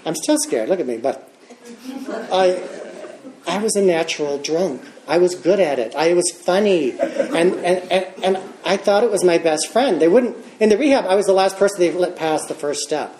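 A man's voice: high-pitched, normal speed, background noise. American man telling his recovery story. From United States. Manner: animated storyteller, acts out quotes, laughs often. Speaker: recovery meeting speaker. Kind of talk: personal recovery testimony. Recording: roomy echoey room.

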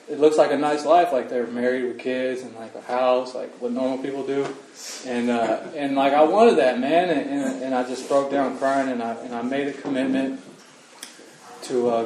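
A man sharing his recovery story at a meeting, halting and earnest with many restarts, emotional. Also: medium pitch, a little mellow, a little hiss or hum. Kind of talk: personal recovery testimony. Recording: roomy echo, far from mic, faint ambience.

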